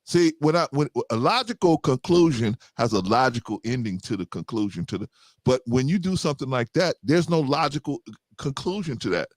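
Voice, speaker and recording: A man hosting a casual group chat, an animated storyteller who often laughs. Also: mid-range voice, a little fast, no echo. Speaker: podcast host.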